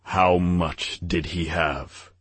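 A man voicing a cruel ancient archangel who speaks slowly, with cold disdain. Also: low voice, fairly even intonation, fairly bright tone, husky, dry recording, exaggerated voice. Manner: slow, measured, disdainful.

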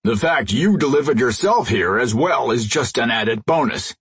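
A man's voice: medium pitch, lively intonation, normal speed, fairly bright tone, slightly rough, dry recording, exaggerated voice. A man voicing Zumble, a commanding male alien crime boss who barks orders, in an audiobook. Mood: smug. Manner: barking, domineering.

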